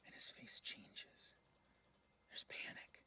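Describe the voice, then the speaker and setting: A man, the game master, narrating a tabletop game in a hushed, dramatic, often whispered way. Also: takes it slowly.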